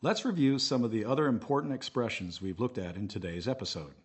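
A man narrating an English lesson in a clear, measured way, modelling phrases for learners to repeat. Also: mid-range voice, lively intonation.

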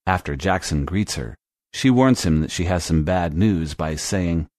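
Deep-voiced man teaching business English. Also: lively intonation, a little mellow, dry recording, clean studio sound. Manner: clear, measured instructional delivery. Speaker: language teacher. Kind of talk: scripted English lesson narration.

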